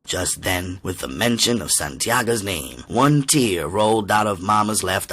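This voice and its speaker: A man reading a novel aloud as an audiobook reader, with steady, measured storytelling. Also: deep voice.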